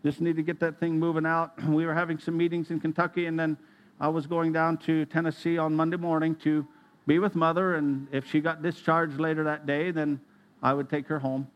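A middle-aged man preaching in an earnest, storytelling way, his voice sitting a little higher than most men's. He often pauses to clear his throat as he speaks. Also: little pitch movement, lo-fi sound. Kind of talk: sermon.

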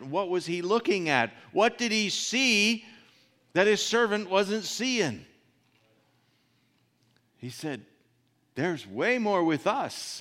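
A man preaching a sermon, reading scripture and then expounding it, with rhetorical questions and soft asides. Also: sits high, big-room sound.

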